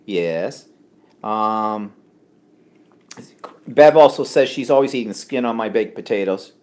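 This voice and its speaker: A man's voice: on the low side, takes it slowly, a little mellow. A man co-hosting a casual live stream from home, chatting and reading out viewer comments with many ums. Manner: chatty, reads comments aloud, frequent ums.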